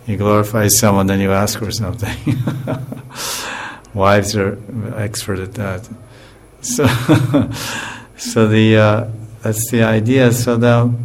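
A man giving an informal scripture class in a relaxed way, with chuckles and frequent fillers and restarts. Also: lowish voice.

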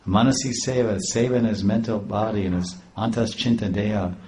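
A man's voice: fairly low pitch, steady tone, brisk, warm tone, slight background noise. A man telling a devotional story in a rambling, repeating way. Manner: rambling, with many restarts.

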